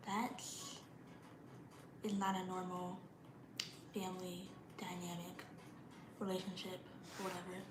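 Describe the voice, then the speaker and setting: A woman's voice: lowish voice, level tone, takes it slowly, pauses often, reverberant, noisy background. A young woman vlogging casually, blunt and slangy, shivering a little from the cold. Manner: slangy, blunt, drops into mocking parent impressions. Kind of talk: casual monologue vlog.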